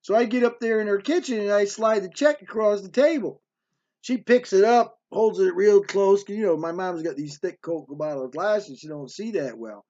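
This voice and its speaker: A middle-aged man with a fairly high voice spins a rambling, streetwise story in a hotel room. He keeps tossing in "man" and "right". The recording is dull and lo-fi. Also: moderate pace, dark tone. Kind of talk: casual storytelling monologue.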